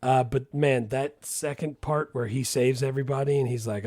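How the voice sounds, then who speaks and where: A man's voice: medium pitch, normal speed, warm tone, no echo. Laid-back man, dry casual chatter. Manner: loose, filler-heavy, says "dude" and "freaking" a lot. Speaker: podcast co-host. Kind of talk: casual chat.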